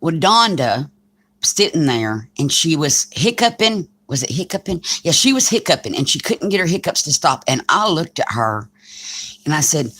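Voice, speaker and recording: A woman's voice: low-pitched, very animated, moderate pace, fairly bright tone. A woman hosting a craft livestream, telling joking stories in a chatty way with frequent laughs. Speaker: craft channel host. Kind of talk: casual livestream chat.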